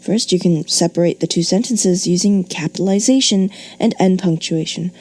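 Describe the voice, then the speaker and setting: A woman's voice: on the low side, moderate pace, a little mellow, no room sound. A woman teaching a grammar lesson on video, talking expressively and asking playful rhetorical questions.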